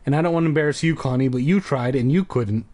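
A man's voice: medium pitch, fast, a little mellow. A young man hosting a comedy podcast, reading a story aloud and breaking off into joking, rambling asides. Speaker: podcast host. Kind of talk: casual comedic reading and commentary.

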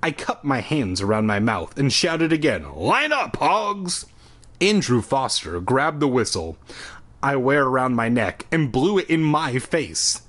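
A man at home doing a comic reading of a children's book, lively and breaking off into crude sarcastic asides. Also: mid-range voice, measured pace. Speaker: reader.

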